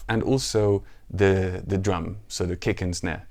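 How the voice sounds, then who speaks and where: A man teaching a ukulele song, counting beats aloud and explaining the plucking pattern in a relaxed, casual way. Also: lowish voice, a little slow, few pauses, background noise. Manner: counts beats aloud and sings lines softly. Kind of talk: music tutorial with counting and singing. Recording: ukulele music under the voice. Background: ukulele playing.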